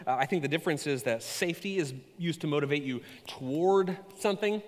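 A man preaching a sermon, telling stories with animated, self-mocking humor. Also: a little high, a little fast, big-room sound. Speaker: pastor.

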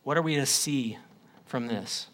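A man preaching a sermon, swinging between loud declarations and low, quiet phrases. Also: a little slow. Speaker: pastor.

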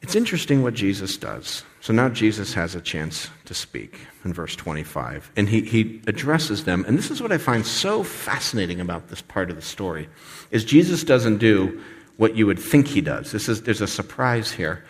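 A man in his forties preaching a sermon in a conversational, animated way. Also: fairly low pitch, normal speed, husky, long reverb tail. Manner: conversational, animated, acts out voices. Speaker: pastor.

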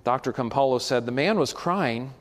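A man's voice: mid-range voice, animated, moderate pace, big-room sound. A man preaching a sermon as pastor, in a conversational way with frequent asides to the congregation.

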